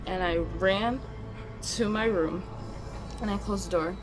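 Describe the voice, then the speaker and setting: A young woman telling a personal story on her vlog, speaking quickly and nervously with animated emphasis. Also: medium pitch. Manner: talks fast when nervous. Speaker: vlogger. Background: music.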